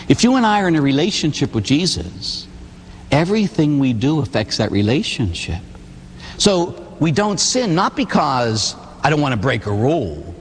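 A middle-aged man from Pittsburgh, a Catholic priest giving a humorous storytelling sermon, animated and theatrical. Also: medium pitch, a little hiss or hum. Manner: animated, theatrical, acts out voices. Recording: long hall reverb.

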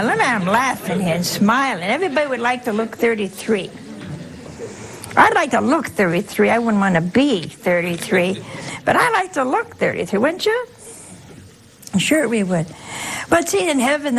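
An older woman, a nun, preaches in an easy, chatty way, tossing rhetorical questions and little "huh?"s to her listeners. Her voice sits at an ordinary middle pitch, with faint noise in the background. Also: poor audio. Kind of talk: sermon.

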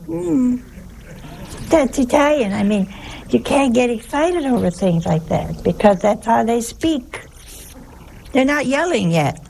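A woman's voice: on the high side, animated, slow, creaky, long pauses, darkish tone, slight background noise. A woman who is a nun, giving a chatty sermon-style talk, telling stories and asking her listeners rhetorical questions.

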